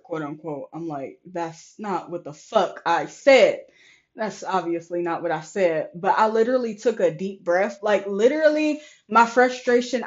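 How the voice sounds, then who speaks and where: A young woman venting frankly and with exasperation in a casual vlog, swearing often and animatedly retelling conversations, with a slightly sore throat. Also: mid-range voice. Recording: slightly dull lo-fi recording.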